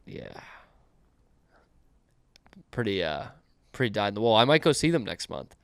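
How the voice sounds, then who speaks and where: A man's voice: lowish voice, sing-song, no room sound. A man hosting a casual sports podcast, teasing his cohost with a sarcastic edge. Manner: sarcastic, quick to tease. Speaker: podcast host.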